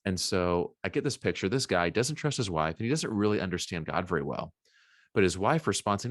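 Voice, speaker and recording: A man co-hosting a casual Bible podcast, retelling a story in a lively way and acting out the quotes. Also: low-pitched, brisk, no room sound, studio quality. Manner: animated retelling with acted-out quotes. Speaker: podcast co-host.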